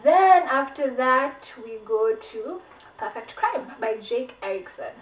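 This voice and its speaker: A woman talks through her recent reads in a chatty, animated way, slipping in "like" and repeating herself as she goes. Her voice sits a bit high, and it comes from a little way off the mic in an echoey room. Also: slow pace, distant mic. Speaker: book reviewer. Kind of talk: casual book review vlog.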